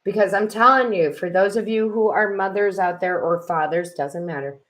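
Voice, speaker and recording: Streaming live from a room in her home, a tarot reader and medium reads cards with effusive, emotional, tearful exclamations. Her mid-range, slightly bright voice moves at a moderate pace and is picked up by her computer's built-in camera mic.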